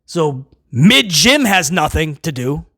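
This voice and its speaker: A man giving a blunt, sarcastic, exasperated solo review, breaking into loud comic outbursts to mock what he saw. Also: a little high, big pitch swings, slow pace, dry recording, clean studio sound. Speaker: wrestling show reviewer.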